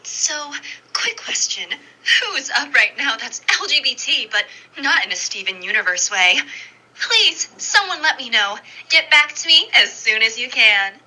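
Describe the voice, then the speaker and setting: A brash, foul-mouthed shrew, played by a woman in a silly voice-message skit, pitched high above her normal voice and drawn out slowly. The insults come out shrill and over the top, bright and sharp, with the sound a little distant from the mic. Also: sing-song, exaggerated voice. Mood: mock earnest.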